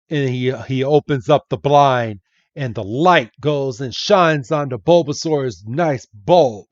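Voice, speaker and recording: Heard in lo-fi sound with no room ambience, a man with a medium-pitched voice recaps a comic for his podcast. He's slow and chatty and keeps correcting himself.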